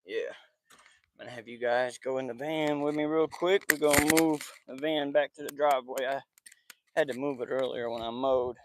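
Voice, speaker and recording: A man in his thirties who hosts a football podcast chats casually in loose slang, vlog-style, outdoors at home by the backyard and porch, now and then scolding his kids and dog. His mid-range voice is a bit bright, with a steady tone and moderate pace. There's slight background noise.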